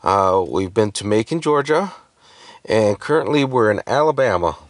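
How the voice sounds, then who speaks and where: A man's voice: fairly low pitch, expressive, normal speed, no echo. A man rambling through a casual podcast chat, joking and full of fillers. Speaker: podcast co-host.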